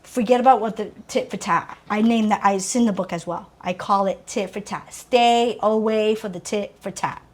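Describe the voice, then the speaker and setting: A woman's voice: mid-range voice, moderate pace, few pauses, darkish tone. A woman in her forties, a guest author, talking earnestly and with animation about faith and moving on in an interview. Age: 40s. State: teary, emotional. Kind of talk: faith-filled interview talk.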